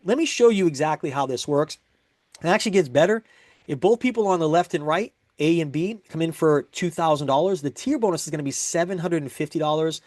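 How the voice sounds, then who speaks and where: A man's voice: a little high, expressive, fairly quick, a little mellow, no room sound. A man giving a recorded sales presentation, upbeat and explaining step by step.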